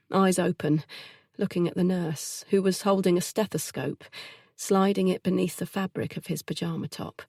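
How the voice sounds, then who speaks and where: A woman narrating a first-person audiobook in an intimate, measured way, recorded on a close studio mic. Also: on the low side, vocal fry, warm tone, breathy edge, dry recording.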